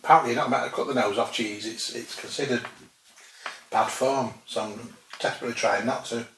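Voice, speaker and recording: A man talks through a cheese tasting at home in a relaxed, chatty way, with dry, musing humour. His voice sits at an ordinary pitch for a man and sounds a little far from the mic. The room gives it a noticeable echo, and there is a faint hiss underneath. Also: fairly quick. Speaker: food vlogger tasting cheeses. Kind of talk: casual tasting commentary. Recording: roomy sound, distant from mic, faint noise.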